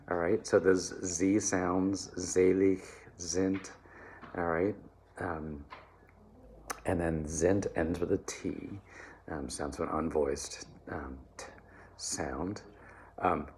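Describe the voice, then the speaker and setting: A man teaching German pronunciation to singers, relaxed and encouraging, often checking in with "all right?" and slowly modeling words. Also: low-pitched. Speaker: choir diction coach. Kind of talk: German diction lesson for singers.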